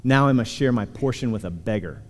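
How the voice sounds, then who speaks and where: A man's voice: mid-range voice, animated, fairly quick, big-room sound, close to an everyday voice. A man reading the lines of a resentful older brother in a sermon, bitter and indignant.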